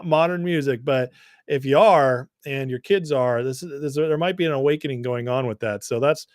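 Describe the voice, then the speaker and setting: A man with a deep voice hosting a livestream, chatting loosely and reading viewer comments. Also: no room sound, studio quality. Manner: chatty, laughs often, many fillers and restarts. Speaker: livestream host.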